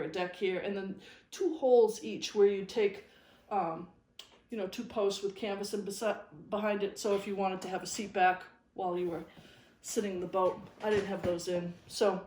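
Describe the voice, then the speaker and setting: A woman's voice: mid-range voice, darkish tone. A woman hosting a fly-tying video, telling a fishing-guide story in an easygoing, wry way while she ties. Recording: echoey room with faint noise.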